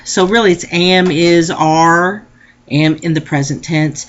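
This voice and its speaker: A woman Spanish teacher, explaining a lesson slowly and patiently and repeating each phrase. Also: on the low side, fairly even intonation, low-quality recording. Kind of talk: recorded classroom lesson.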